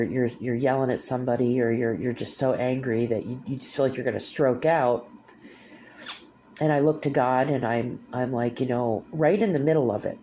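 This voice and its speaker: A woman's voice: a bass voice, warm tone, a little hiss or hum. A middle-aged woman hosting a podcast, talking at length about her faith in a rambling, heartfelt way, full of restarts and "you know". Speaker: podcast host. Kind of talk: personal monologue on faith.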